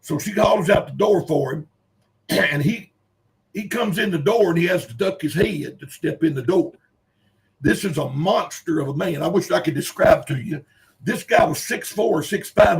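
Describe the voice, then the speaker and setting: An older preacher tells a story in a folksy, earnest way. His voice is gravelly and sits a little high for a man, and he speaks plainly and with emphasis. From Kentucky. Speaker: preacher, guest.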